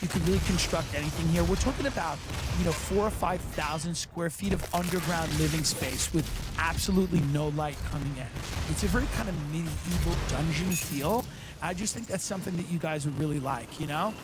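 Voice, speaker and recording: A man voicing a smooth, pushy male realtor making an ingratiating sales pitch to a client. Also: fairly quick, very noisy, close to an everyday voice. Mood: salesy.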